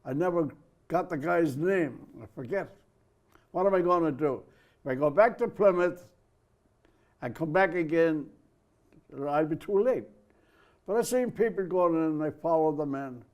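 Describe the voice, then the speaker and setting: Older man, interview guest, plain conversational storytelling, voice a touch high. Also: moderate pace, pauses often, a little mellow. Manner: plain, conversational anecdote-telling.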